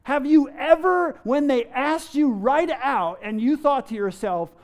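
In a very high, animated voice, a man preaches a little slowly and with few pauses. He fires rhetorical questions at the audience, acts out everyday quotes playfully, and chuckles.

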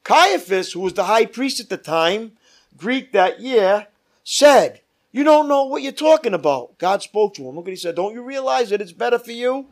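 A man leading a Bible study as pastor, reading scripture aloud with emphatic rises and dropping to quiet asides. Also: sits high, expressive, moderate pace.

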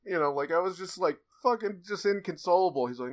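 A man's voice: high-pitched, expressive, fast talker, few pauses. A young man casually telling a childhood story on a podcast, rambling with many restarts, fillers and laughs.

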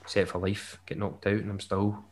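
A man's voice: lowish voice, little pitch movement, normal speed. A young man, chatting casually and jokily on a podcast. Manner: chatty, jokey, with bursts of laughter. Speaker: podcast co-host. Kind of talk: casual chat.

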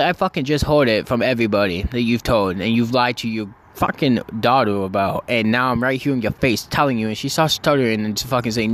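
A young man telling a story in a casual, rambling way, excited and swearing often. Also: medium pitch, a little fast. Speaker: vlogger.

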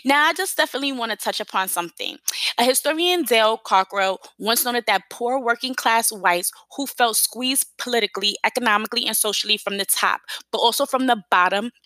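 A woman's voice: fairly high pitch, fairly quick, bright, forceful tone, dry recording, poor audio. A woman with a New York accent talking casually and emphatically to her viewers, often repeating herself. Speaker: vlogger. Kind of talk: casual talk to camera.

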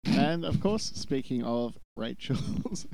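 A woman's voice: extremely low pitch, animated, slow, creaky, mellow. A woman co-hosting a podcast, teasing her friend with dry quips in casual chat. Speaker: podcast co-host.

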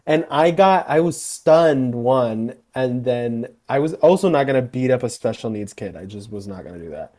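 A man's voice: mid-range voice, moderate pace, hardly any pauses. A young man co-hosting a podcast, telling stories in a casual chat and acting out what people said. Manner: animated storyteller who acts out quotes. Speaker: podcast co-host.

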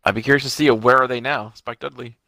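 A young man recounts wrestling anecdotes in loose podcast chat, acting out the quotes and cursing casually. His voice has a bright, forward edge. The sound is close and dry. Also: medium pitch, steady tone, fast talker, no room sound. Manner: storytelling, profane, acts out quotes.

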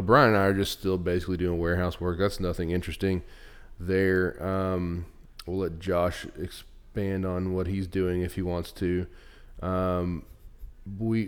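Very deep-voiced man chatting casually. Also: smooth. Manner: rambling, many fillers and restarts. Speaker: podcast co-host. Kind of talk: casual chat.

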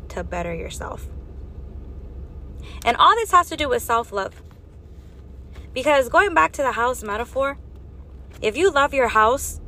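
A woman's voice: a little high, bright, forceful tone, slight background noise. A woman giving an earnest faith and health talk, exhorting her listeners with strings of rhetorical questions. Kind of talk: preaching monologue.

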